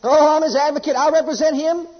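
A preacher voicing Jesus as a male advocate, pleading earnestly and stretching his words out slowly. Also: very high voice, steady tone, lo-fi sound, pitched above the performer's own voice.

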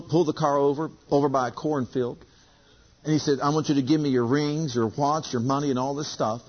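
A man's voice: mid-range voice, slightly rough. A man preaching a sermon, telling a story with acted-out dialogue and emphatic repetition. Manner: emphatic, repeats lines, acts out dialogue. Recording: dull lo-fi recording.

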